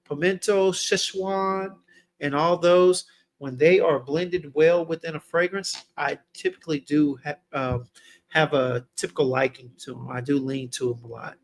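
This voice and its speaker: A man's voice: a little high, steady tone, measured pace, a little hiss or hum. A laid-back man hosting a casual livestream fragrance review, chatting with his viewers in slang. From Texas.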